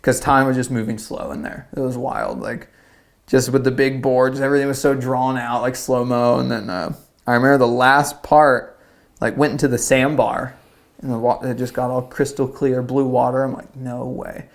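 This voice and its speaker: A man's voice: mid-range voice, flat delivery, moderate pace, creaky. A young man from South Carolina, a surfer and podcast guest, telling a story casually and rambling with lots of "like". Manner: rambling, lots of "like", acts out quotes.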